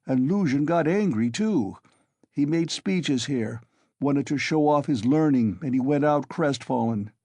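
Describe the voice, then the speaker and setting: A man voicing a tipsy, blustering young male friend, louder and pitched above his own voice. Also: lively intonation, unhurried, no room sound.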